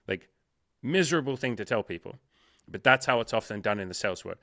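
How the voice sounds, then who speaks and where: Swearing freely, this podcast guest, a dating and life coach, plays out sales calls in different quoted voices with strong emphasis in a casual conversation. He speaks quickly in a lowish, sharp voice, recorded at studio quality with no room sound.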